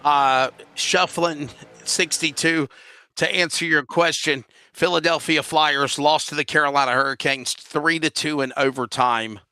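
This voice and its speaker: A man calling a sim racing broadcast as play-by-play commentator, excitable and jokey, shouting when crashes happen. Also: fairly high pitch, measured pace, smooth, no room sound. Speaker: race commentator.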